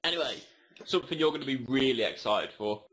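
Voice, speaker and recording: A young man trading dry, teasing banter as a gaming podcast co-host. His voice is a little husky, at an ordinary middle pitch. He keeps it relaxed and deadpan. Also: fast talker, rough recording. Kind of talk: casual banter.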